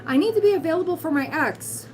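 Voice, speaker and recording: A woman with a raspy, hoarse voice giving a casual livestream tarot reading, blunt and encouraging with giggly asides. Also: very high voice, expressive, fast talker, background noise. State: hoarse, voice recovering. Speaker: tarot reader, livestream host.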